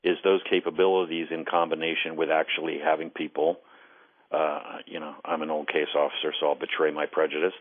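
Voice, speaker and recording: A man, a former intelligence case officer, speaking as a guest on a call-in radio interview. He is earnest and deliberate and often repeats words as he starts a thought. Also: a bass voice, flat delivery. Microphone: telephone. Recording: phone line.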